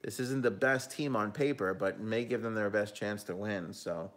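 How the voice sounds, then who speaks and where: A hockey talk show host and analyst with a fairly low, fairly bright voice talks at a moderate pace during a live stream. His casual, chatty style, peppered with ums and self-corrections, carries him through his picks and the viewer comments he reads out.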